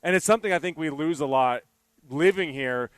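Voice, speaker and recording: A man hosting a live sports radio show from a remote venue, chatting in an animated, rambling storytelling way. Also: a little high, brisk, smooth, no room sound. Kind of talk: casual on-air chat.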